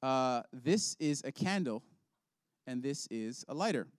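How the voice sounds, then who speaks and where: A man's voice: mid-range voice, lively intonation, unhurried, no room sound, clean studio sound. A man leading an object lesson for kids in a children's ministry, upbeat and playful, laughing often.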